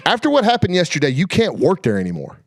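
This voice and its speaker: A man's voice: fairly high pitch, huge pitch swings, fairly quick, no echo, clean studio sound. Folksy man hosting sports talk. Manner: folksy, colloquial storyteller. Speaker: sports talk show host. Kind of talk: casual chat.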